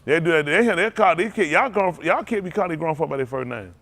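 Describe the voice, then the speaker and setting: Animated preacher man telling stories. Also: fairly high pitch, fast talker. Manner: animated, laughing, repeats and restarts phrases. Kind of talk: loose storytelling sermon.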